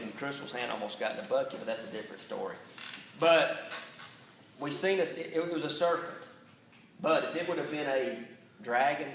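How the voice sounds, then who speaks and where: A man's voice: mid-range voice, fairly bright tone, roomy sound, a little hiss or hum, poor audio. A man, a pastor teaching a Bible study in a casual way, often checking in with the room. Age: 40s. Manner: conversational, checks in with "all right?". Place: church sanctuary.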